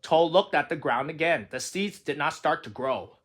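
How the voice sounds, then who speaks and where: A man reading a children's storybook aloud with expressive, lilting narration. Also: a little high, normal speed. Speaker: storybook reader.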